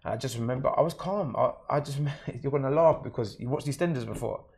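A man's voice: medium pitch, fast, gravelly, darkish tone. Plain-spoken London man telling his story. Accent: London English. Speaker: interview guest. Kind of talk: personal story in an interview.

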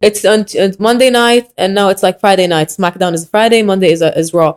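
A woman, a sports presenter telling stories in a podcast interview, animated and emotional, mixing English and Arabic. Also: medium pitch, fast, clear, resonant tone.

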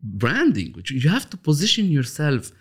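A man being interviewed, speaking thoughtfully and often pausing and restarting as he explains his ideas. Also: medium pitch, huge pitch swings, husky. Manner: thoughtful, hesitant restarts, slows down for emphasis. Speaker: interview guest, author of a love system. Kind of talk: reflective storytelling interview.

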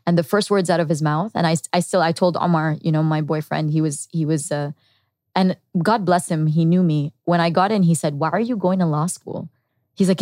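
This is a woman speaking as a podcast guest, recounting her own story in an earnest, reflective way. Her voice sits on the lower side. The recording is dry and close, with no room sound. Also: steady tone, fairly quick, a little mellow, no room sound. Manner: earnest and reflective, with quoted inner thoughts. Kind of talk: candid personal storytelling.

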